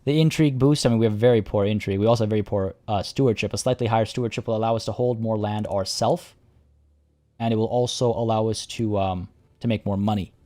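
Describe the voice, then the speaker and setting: A man streaming a strategy game live, talking through his choices out loud and chatting with his viewers. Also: on the low side, fairly even intonation, quick pace. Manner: chatty, reads chat aloud and thinks out loud.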